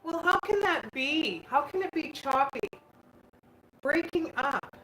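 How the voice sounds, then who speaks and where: A woman talks slowly in a somewhat high voice, chatting casually on a live stream from her phone. She reads out viewer comments and answers them. The sound comes through an echoey home room with a faint hum behind it. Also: expressive, pushed and bright.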